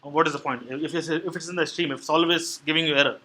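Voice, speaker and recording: Bright-voiced man giving a technical talk. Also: fairly high pitch, steady tone, rough recording. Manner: explanatory, halting with frequent fillers and restarts. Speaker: meetup speaker on Android programming. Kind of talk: live technical talk with audience questions. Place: meeting room at a tech meetup.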